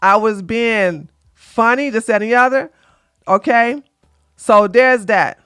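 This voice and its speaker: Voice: mid-range voice, slow pace, a bit bright, clear, resonant tone, no echo, studio quality. A live-stream dating advice host talking to the chat, brash and scolding, trash-talking with bursts of laughter and repeating phrases for emphasis.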